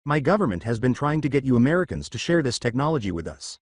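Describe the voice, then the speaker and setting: A man puts on a stern Russian man who speaks in short, formal sentences with a Russian accent. The delivery is curt but lively in pitch. It has a dry storybook-reading sound. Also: fast talker, dry recording. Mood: gruff.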